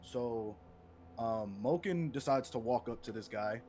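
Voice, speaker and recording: A man's voice: mid-range voice, expressive, a little slow, darkish tone, slight background noise. A young man speaking as a player in a tabletop game, hesitant and rambling with many fillers. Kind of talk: casual tabletop game chat.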